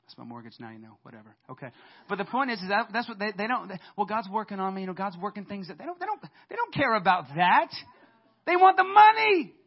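High-voiced animated preacher man. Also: quick pace, slightly rough, muffled recording. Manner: animated, conversational preaching with laughs and sudden loud peaks. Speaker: pastor. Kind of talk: sermon.

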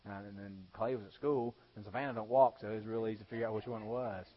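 A male pastor preaching a sermon, swinging between loud exhortation and hushed storytelling. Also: lowish voice, fairly even intonation, quick pace. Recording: dull lo-fi sound.

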